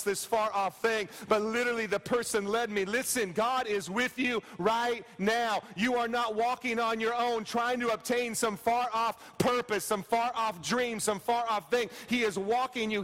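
High-voiced pastor preaching in a reverberant church. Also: male voice. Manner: repetitive, dropping soft and slow on key phrases; storytelling with quick asides to the congregation. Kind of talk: sermon. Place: church sanctuary.

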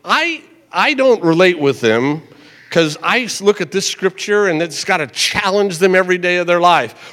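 An older man preaches in a fairly high voice, talking to the congregation in a loose, conversational way. He slows right down when he repeats a verse. A long hall reverb trails behind every line. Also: expressive, a bit bright. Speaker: pastor. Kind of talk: sermon. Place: church sanctuary.

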